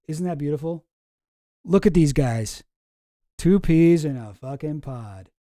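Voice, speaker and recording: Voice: medium pitch, animated, measured pace, dark tone, dry recording, clean studio sound. A streamer giving casual commentary in a rambling, profane way, often breaking off mid-sentence and sometimes sarcastic. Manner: rambling, profane, self-interrupting.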